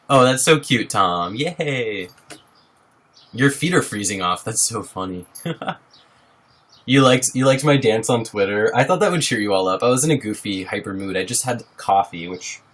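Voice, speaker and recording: A bubbly young man hosts a casual live stream from his home, speaking into a laptop microphone. His pitch sits in the middle, but his voice swoops up and down with lively energy as he cheerfully greets viewers. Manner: bubbly, greets viewers by name, laughs often. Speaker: livestreamer. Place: home, at a wobbly table.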